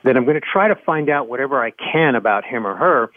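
Animated man on a tinny phone line. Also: mid-range voice, a little fast, dry recording. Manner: animated, emphatic, repeats words. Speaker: panelist. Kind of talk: conversational radio talk.

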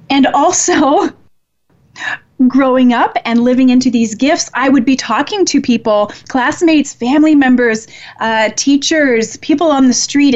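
A woman hosting a live psychic reading show, talking slowly and earnestly in a soft voice with gentle laughs. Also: fairly high pitch, muffled recording. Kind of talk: live-stream spiritual talk.

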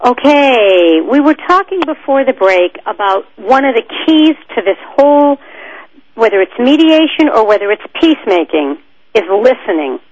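A woman hosting a radio talk show, introducing her guest and asking questions in a smooth announcer-like way. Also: on the high side, sing-song, normal speed, lo-fi sound. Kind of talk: radio interview.

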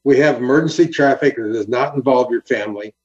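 In an interview, a former highway patrol officer tells a story with earnest energy, acting out the quotes as he goes. He talks fast, and the sound is lo-fi.

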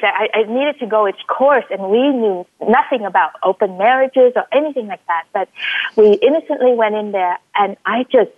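Animated woman on a tinny phone line. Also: dry recording. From Vietnam. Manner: animated, acts out quotes in a much higher voice. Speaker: guest, life coach. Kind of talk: casual interview storytelling. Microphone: phone call.

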